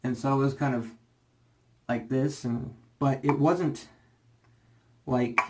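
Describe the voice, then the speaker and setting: A man's voice: medium pitch, fairly even intonation, takes it slowly, noisy background. Rambling, slightly breathless man. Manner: rambling, many fillers and restarts. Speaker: shaving vlogger. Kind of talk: casual rambling vlog.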